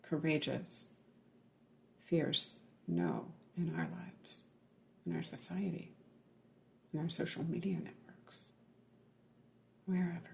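A meditation teacher with a gravelly voice gives a Buddhist dharma talk at a mid-range pitch. The delivery is measured and full of pauses, with frequent "right?" check-ins. Key words soften to a near-whisper. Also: big pitch swings, a little hiss or hum.

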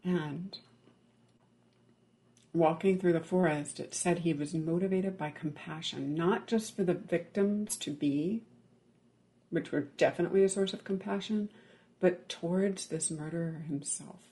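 A meditation teacher with a gravelly voice gives a Buddhist dharma talk at a mid-range pitch. The delivery is measured and full of pauses, with frequent "right?" check-ins. Key words soften to a near-whisper.

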